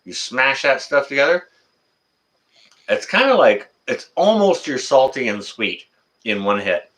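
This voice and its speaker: A man's voice: medium pitch, sing-song, measured pace, fairly bright tone. A middle-aged man, hosting a casual live stream, reading the chat and answering viewers by name in a folksy, teasing way.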